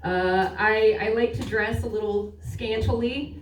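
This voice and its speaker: A woman's voice: on the high side, a little slow, a little hiss or hum. A woman doing a stand-up set, chatty and teasing the crowd. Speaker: stand-up comedian. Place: comedy stage at a winery. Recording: echoey room, distant mic.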